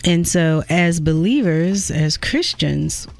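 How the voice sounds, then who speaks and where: Slow, deliberate speaker of faith. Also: medium pitch, lively intonation, creaky, faint music behind. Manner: slow, deliberate, firm about beliefs. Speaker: guest. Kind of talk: talking about faith on a talk show.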